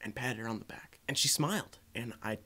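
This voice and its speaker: A man's voice: mid-range voice, fairly quick, slightly rough. A young man telling a comic story to camera, with lots of swearing, jumping between characters' voices. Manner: animated, profane, jumps into voices of friends. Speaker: vlogger.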